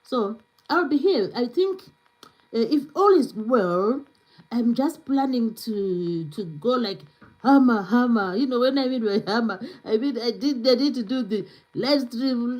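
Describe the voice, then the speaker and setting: This woman hosts a live stream in a relaxed, chatty manner, reading viewer comments aloud and leaning on many fillers, all in non-native-accented English. Her voice sits on the high side, animated and unhurried, with a darkish tone. The recording is rough.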